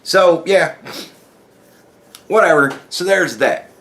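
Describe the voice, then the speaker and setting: A podcast host rants through a loose, profane monologue on his own show, swearing constantly. His voice is high-pitched and animated, though he speaks at a slow pace.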